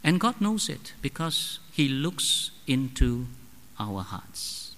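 A man preaching a sermon to a congregation, emphatic and deliberate, asking the listeners questions as he goes. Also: mid-range voice, big pitch swings, a bit bright, big-room sound.

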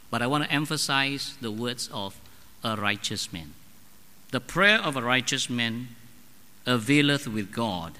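A male preacher delivering a sermon in a slow, deliberate, emphatic way, often posing questions to his congregation. His voice is strikingly bright and swings widely in pitch, sitting a little high for a man. The sound carries the long reverb of a large church hall. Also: expressive.

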